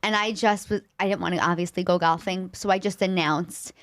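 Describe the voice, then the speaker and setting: A woman's voice: on the low side, steady tone, a little fast, a bit bright, dry recording. A woman comedian appearing as a podcast guest, telling stories playfully in casual chat. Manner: playful storytelling, laughs easily.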